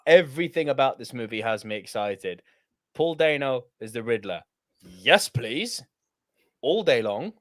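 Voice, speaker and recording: A man co-hosting a podcast, ranting with energy and frequent swearing. His pitch swings widely as he argues, and the sound is close and dry with no room echo. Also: expressive, measured pace, a bit bright. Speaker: podcast co-host. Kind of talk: casual podcast chat.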